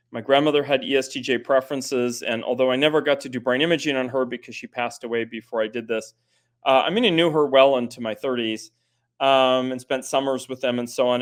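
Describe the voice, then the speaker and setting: Thoughtful man explaining with many restarts. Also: mid-range voice. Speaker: guest expert on personality types. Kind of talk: conversational explanation.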